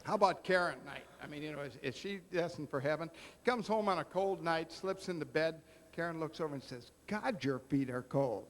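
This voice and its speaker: Roast emcee, male, slightly high voice, storyteller who voices the punchlines. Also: brisk, a bit bright, slight background noise. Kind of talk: telling jokes at a roast.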